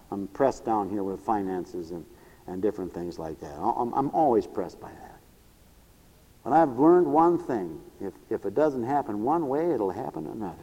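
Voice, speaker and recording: A man preaching a sermon, swinging from loud high exclamations to low murmurs. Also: long reverb tail, poor audio.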